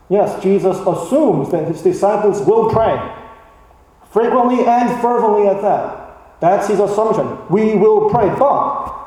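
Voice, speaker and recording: A male pastor giving a sermon, animated and raising his voice for emphasis. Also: sits high. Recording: echoey church hall, mic at a distance.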